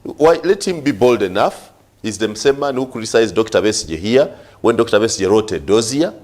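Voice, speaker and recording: A man's voice: lowish voice, expressive, brisk, darkish tone. A Ugandan man on a press review talk show, arguing hard and firing off rhetorical questions, switching between English and Luganda. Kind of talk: studio press review debate.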